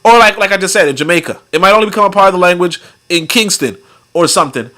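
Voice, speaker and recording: Bright-voiced man in rambling commentary. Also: high voice, quick pace. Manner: rambling, joking, laughs often, acts out voices. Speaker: podcast host. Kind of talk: casual commentary reading viewer comments.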